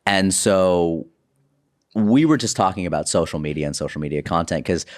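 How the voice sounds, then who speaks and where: A young man talking as a guest on a podcast, telling animated stories in casual chat with lots of "like" and "you know". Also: deep voice, moderate pace.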